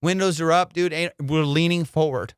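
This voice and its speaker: Animated storytelling comedian, clear voice. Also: male voice, on the high side, moderate pace, no room sound, clean studio sound. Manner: excitable, profane, slangy. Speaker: comedian podcast host.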